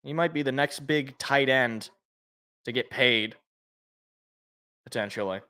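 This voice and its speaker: A man's voice: mid-range voice, measured pace, pauses often, pushed and bright, clear, resonant tone. A young man giving casual fan play-by-play and reaction, rambling and correcting himself, with joking asides. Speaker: fan podcast co-host.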